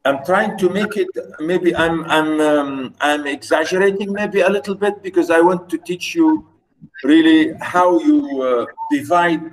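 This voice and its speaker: A male lecturer teaching poetry in a classroom, talking slowly and repeating himself with many fillers and restarts. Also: fairly high pitch, low-quality recording.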